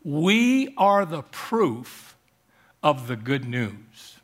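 A male pastor preaching a sermon in church, telling stories and jokes and slowing down on emphatic phrases. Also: a little high, big pitch swings, a bit bright. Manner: joking, storytelling preacher with emphatic slowed phrases. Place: church service.

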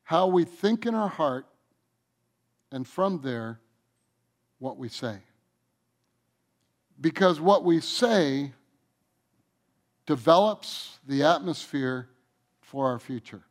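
A man preaching a sermon as a pastor, stressing key points by slowing down and letting phrases fall soft at the end. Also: fairly high pitch, lively intonation.

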